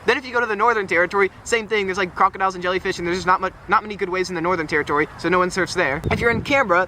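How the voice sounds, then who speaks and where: A young man from Texas chatting casually to camera as a travel vlogger, full of "like" fillers. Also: sits high. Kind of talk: casual vlog talk to camera. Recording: outdoor noise, boats and traffic behind.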